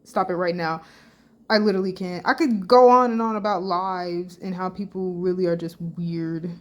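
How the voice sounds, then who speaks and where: A woman's voice: on the low side, fairly even intonation, normal speed. A woman vlogging casually as she reads social media posts aloud and reacts bluntly, with plenty of slang and swearing. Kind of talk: casual reaction vlog, reading comments aloud.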